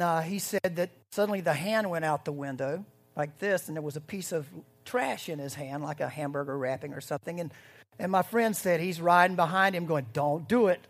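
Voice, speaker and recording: A pastor giving a conversational sermon, swinging between loud, rising bursts and hushed moments. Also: mid-range voice.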